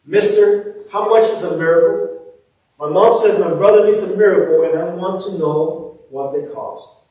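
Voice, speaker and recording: A man's voice: high voice, normal speed, mellow, lightly acted. A preacher voicing a pleading little girl. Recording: echoey church room, distant mic.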